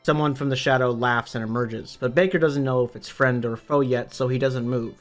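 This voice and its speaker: A man's voice: mid-range voice, steady tone, moderate pace, soft background music. A man narrating a book summary for his online channel, upbeat and conversational, with the odd casual swear. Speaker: book review YouTuber.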